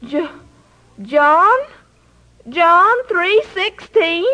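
A woman's voice: very high voice, lively intonation, drawn-out words, pushed and bright, voice pushed up, full character voice, low-quality recording. Woman doing a timid stammering newsboy. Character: poor, hungry, timid little newsboy.

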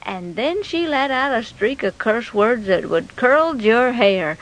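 A woman telling a Bible story dramatically, with expressive, moralizing asides to her listeners. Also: high voice, unhurried.

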